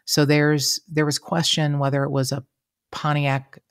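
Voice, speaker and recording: A woman's voice: sits low, a little slow, clean tone, dry recording, studio quality. A woman, co-hosting a casual true-crime podcast, talking emotionally and acting out what people said. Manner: chatty, emotional, quotes people in lively voices. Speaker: podcast co-host. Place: podcast room.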